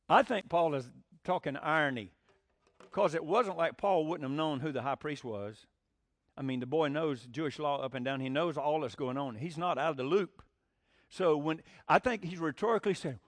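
A man's voice: mid-range voice, normal speed, dry recording, studio quality. A man teaching the Bible in a folksy, conversational sermon, asking rhetorical questions and acting out quotes. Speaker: preacher.

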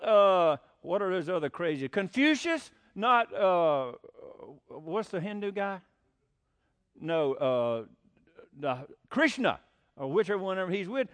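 A man's voice: high-pitched, sing-song, a little slow, clean tone, no echo. A man preaching a sermon, folksy and blunt, with sarcastic asides.

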